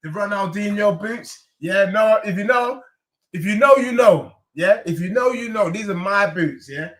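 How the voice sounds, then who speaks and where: A man's voice: sits high, moderate pace. A man, chatting animatedly and emphatically as a football fan streamer on a live reaction stream. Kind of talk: casual live reaction chat.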